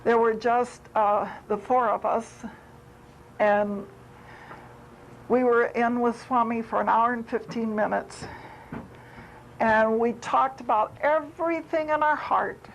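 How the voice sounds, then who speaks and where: Woman, retreat talk, personal storytelling, heartfelt, repeats words for emphasis, unhurried, faint background noise. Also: a little high, steady tone, gravelly, poor audio. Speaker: speaker at a spiritual retreat. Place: retreat gathering.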